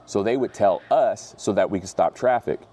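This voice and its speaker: A man preaching in a relaxed, slang-heavy, storytelling way, getting lively when he retells conversations. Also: fairly low pitch, normal speed. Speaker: pastor. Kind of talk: casual sermon storytelling.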